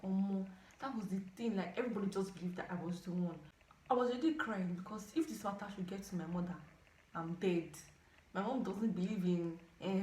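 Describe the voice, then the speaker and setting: A young woman in her twenties with a Nigerian accent, telling a storytime vlog in an animated way with dramatic outbursts. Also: mid-range voice, a little hiss or hum. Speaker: storytime vlogger. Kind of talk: casual storytelling to camera. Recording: echoey room.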